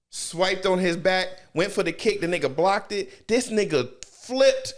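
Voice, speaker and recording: Male podcast co-host, slightly high, very lively delivery, jokey anime recap with mimicked lines. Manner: animated, laughing, acts out scenes in quick bursts. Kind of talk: casual anime review banter.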